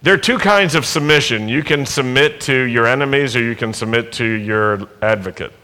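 At a worship service, a man with a mid-range voice preaches a sermon emphatically at a moderate pace. He asks the congregation rhetorical questions and builds to loud exhortations.

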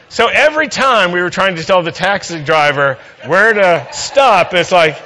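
A man's voice: high-pitched, big pitch swings, moderate pace, hardly any pauses, bright, forceful tone, slight background noise. A man preaching a sermon, telling a humorous personal story and acting out the dialogue with playful energy.

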